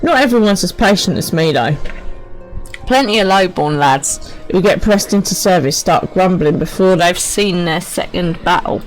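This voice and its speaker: A woman voicing a blunt, low-born male soldier, reading game dialogue aloud in a rough dialect with emphatic delivery. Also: expressive, moderate pace, soft background music, lightly acted, low-quality recording. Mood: gruff, gossipy.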